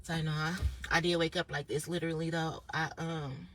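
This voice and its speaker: A woman's voice: sits low, flat delivery, a little fast, fairly bright tone, a little hiss or hum. A young woman talking straight to a phone camera in a casual vlog, blunt, profane and rambling. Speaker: vlogger.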